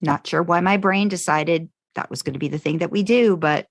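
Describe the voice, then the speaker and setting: An American woman co-hosting a podcast, chatting casually with lots of halting restarts and fillers. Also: on the low side, dry recording, clean studio sound. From United States. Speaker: podcast co-host. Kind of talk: casual chat between podcast co-hosts.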